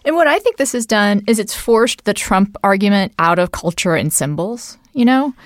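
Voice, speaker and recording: Animated woman in political banter. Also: medium pitch, no room sound, clean studio sound. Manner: animated, rising emphasis, quick laughs, many "like" and "you know". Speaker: podcast co-host. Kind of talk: political discussion.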